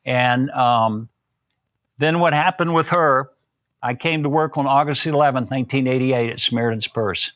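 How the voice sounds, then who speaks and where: An older man tells a long personal story in a relaxed, folksy way, slipping into quoted voices of the people in it. His voice sits in a middle pitch, close to a dry, dead-sounding mic. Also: normal speed, dry recording. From Southern United States. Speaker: guest. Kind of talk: storytelling interview.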